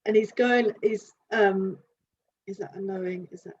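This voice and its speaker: A woman gives an animal communication reading, feeling her way through each image in halting, searching phrases full of restarts. Her voice is mid-pitched, and the recording is dull and lo-fi with a faint hiss behind it. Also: steady tone, a little mellow. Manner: halting, searching, thinking aloud. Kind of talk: live reading session.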